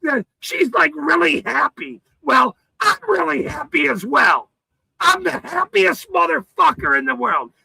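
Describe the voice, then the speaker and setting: A man hosting a livestream, ranting with heavy profanity and frequent shouting. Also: very high-pitched, big pitch swings, measured pace, vocal fry, dry recording, poor audio. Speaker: livestream host.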